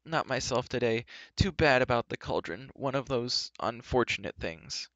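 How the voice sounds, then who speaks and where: A man voicing a whiny, cowardly male wizard who pleads and wails softly, on a dull lo-fi recording. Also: mid-range voice, expressive, normal speed, no room sound, close to an everyday voice. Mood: pleading. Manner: wailing, pleading, soft.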